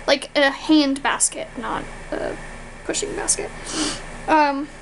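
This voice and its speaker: A woman's voice: sits high, slow, gravelly, a little hiss or hum, low-quality recording. A young American woman from Virginia, chatting casually through an accent challenge video, rambling a little and correcting herself as she goes. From Virginia, USA. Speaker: vlogger.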